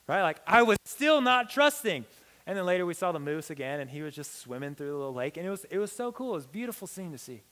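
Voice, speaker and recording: A young man giving a youth sermon as a pastor, telling a story with lively acted-out dialogue. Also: quick pace. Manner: animated, acts out quoted dialogue with big pitch swings. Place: church hall. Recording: long hall reverb.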